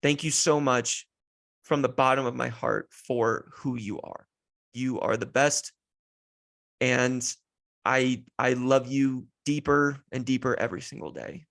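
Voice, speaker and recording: A man's voice: mid-range voice, steady tone, slow, vocal fry, fairly bright tone. A man in his thirties hosting a podcast, telling a heartfelt personal story in a rambling way with many restarts, sounding close to tears. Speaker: podcast host.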